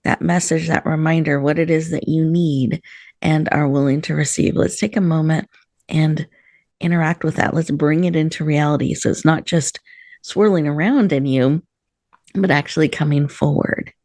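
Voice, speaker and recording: Gentle woman guiding a breathing meditation. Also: low-pitched, fairly even intonation, dry recording, clean studio sound. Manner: gentle, soothing, slow guiding cadence. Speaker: host.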